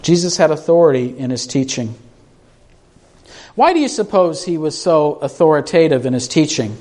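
Warm and on the high side, this preacher's animated voice moves at a moderate pace. He talks to his congregation in a conversational way, asking them questions, and speaking off the cuff leads him to repeat words and start sentences over.

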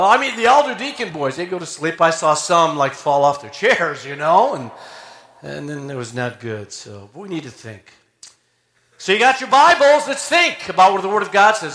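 An energetic man preaching in a church with a high, bright voice that often breaks into shouts. His delivery is animated and playful, and the room gives it a noticeable echo. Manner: energetic, shouting, animated storytelling with acted quotes. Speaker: pastor. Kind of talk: lively sermon. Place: church sanctuary.

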